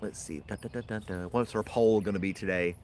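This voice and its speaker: A man's voice: fairly low pitch, fairly even intonation, fairly quick, darkish tone, slight background noise. A man hosting a casual livestream from his backyard, rambling and chatting with viewers and laughing often. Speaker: livestream host. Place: outdoors in a backyard.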